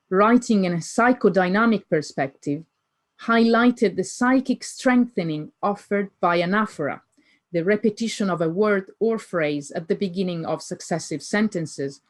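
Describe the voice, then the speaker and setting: A woman giving an academic lecture, reading poetry closely with deliberate emphasis. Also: mid-range voice. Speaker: conference speaker.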